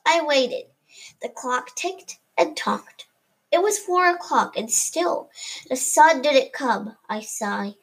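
A woman with a high voice reads a homemade first-person story aloud. She stumbles now and then and corrects herself mid-line. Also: animated, takes it slowly, rough recording.

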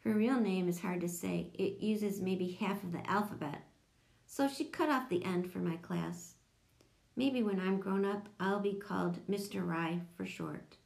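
A woman reads a children's storybook aloud with lively storytelling energy. Her voice sits at a middle pitch with a touch of gravelly fry. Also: measured pace. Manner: lively storytelling, voicing children in higher tones. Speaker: audiobook narrator. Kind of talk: children's audiobook narration.

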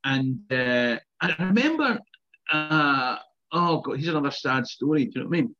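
A man's voice: a little high, expressive, moderate pace, bright, forceful tone, highs cut off. A Scottish man, around his fifties, telling chatty anecdotes in casual conversation, laughing and swearing now and then. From Scotland. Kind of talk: casual chat.

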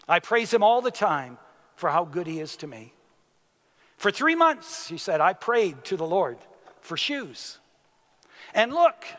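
A man preaching a sermon as a pastor, unhurried, with sudden emphatic rises in his voice. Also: a little high, fairly bright tone, in a large hall.

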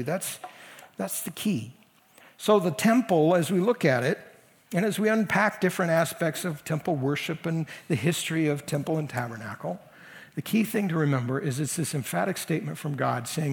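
A man's voice: fairly high pitch, normal speed, vocal fry, in a large hall. A man preaching a sermon as senior pastor, talking to the congregation in a conversational and emphatic way. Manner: conversational, emphatic, leans into quoted voices.

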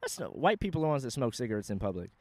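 A man's voice: medium pitch, sing-song, very fast, no echo. Rambling podcast host man, dry sound. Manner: rambling, laughing, profane. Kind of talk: casual podcast chat. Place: outdoors in a park.

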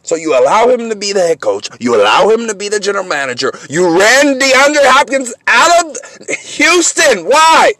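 A man hosting a sports podcast, ranting comically and mockingly, swinging between loud outbursts and low asides. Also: sing-song, moderate pace, no echo. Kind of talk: comedic sports rant.

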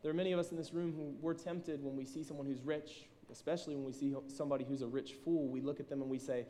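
A man, a school reading teacher, giving a sermon to a room and reading scripture slowly and deliberately. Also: on the high side, steady tone, mellow, a little hiss or hum. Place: room with an audience. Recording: long reverb from a large room.

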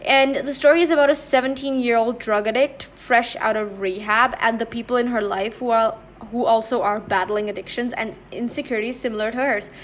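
A young woman speaks in a slightly high voice, hosting her own casual chat show. She rambles, restarts her sentences and leans on ums and likes. She sounds a touch out of breath. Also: steady tone, brisk, few pauses, a little hiss or hum. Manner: rambling, many fillers and restarts. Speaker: podcast host.

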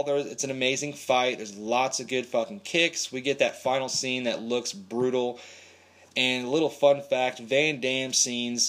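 A man's voice: mid-range voice, a bit bright. A man casually recapping a movie in a rambling, profane, laid-back way.

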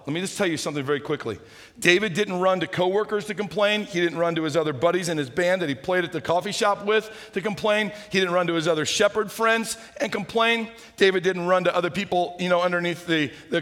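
A man preaching a sermon, retelling a story with lively humor and acting out its characters. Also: high voice. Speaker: pastor. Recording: hall reverb.

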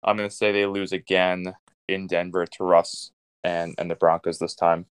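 A man's voice: sits low, flat delivery, moderate pace, clean tone, no room sound. A man co-hosting a casual sports podcast, giving blunt, decisive predictions. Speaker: podcast co-host.

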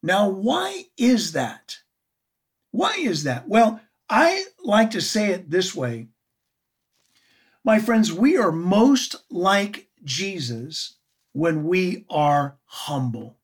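Slow, husky woman teaching a sermon. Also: lowish voice. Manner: earnest, expressive, asks the audience questions. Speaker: Bible teacher.

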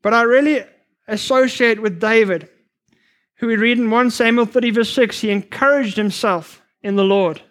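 A man preaching a sermon to future missionaries, earnest and emphatic, sometimes rushing his words. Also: high voice, a bit bright. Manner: earnest, emphatic, rushes at times.

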